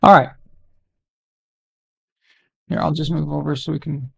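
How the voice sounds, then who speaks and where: A man hosting a casual sports live stream, animated and exasperated as he chats with viewers. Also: a little high, unhurried, creaky, breathy edge, dry recording, clean studio sound.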